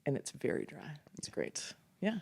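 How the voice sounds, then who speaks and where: A woman in her thirties co-hosting a casual podcast chat, bubbly and quick to laugh. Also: a little mellow. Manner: chatty, laughs often, bubbly. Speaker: podcast co-host. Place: conference venue.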